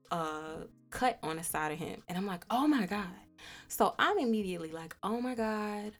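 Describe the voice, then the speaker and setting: A young woman hosting a podcast, candidly retelling a personal story with profanity and acted-out dialogue. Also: lowish voice. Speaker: podcast host.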